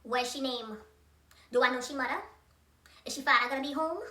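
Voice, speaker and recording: A woman's voice: high voice, brisk, pushed and bright. Woman doing her strict mum. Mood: interrogating. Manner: curt, interrogating. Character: strict, suspicious Trinidadian mother. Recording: echoey room.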